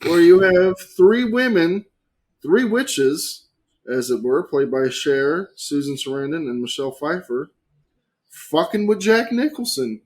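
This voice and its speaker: A man chatting casually as a podcast guest, animated and swearing freely, with big swings between loud and quiet. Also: fairly high pitch, unhurried.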